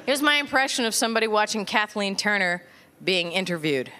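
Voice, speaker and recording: A woman comedian performing a stand-up set at a live venue, wry and self-deprecating, with quick asides to the audience. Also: mid-range voice, animated, bright, forceful tone. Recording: live crowd and noise. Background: laughing, applauding audience.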